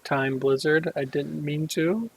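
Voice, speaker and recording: A man's voice: a little high, slow, gravelly, husky, no echo, poor audio. A man co-hosting a casual gaming podcast, rambling along with jokey asides and frequent self-corrections. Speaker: podcast co-host.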